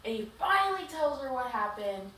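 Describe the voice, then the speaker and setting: A woman's voice: high-pitched, big pitch swings, normal speed, pushed and bright. A woman co-hosting a podcast, casually recapping a book in a chatty, rambling way full of "like". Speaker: podcast co-host. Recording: very echoey room, distant mic, faint hiss.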